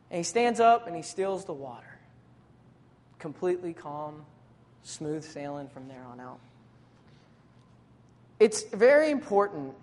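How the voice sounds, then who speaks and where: Preacher delivering a sermon. Relaxed, slangy, animated storytelling, mid-range pitch. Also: long reverb tail. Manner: casual, conversational preaching with modern slang; lively, dramatic retelling of scripture scenes.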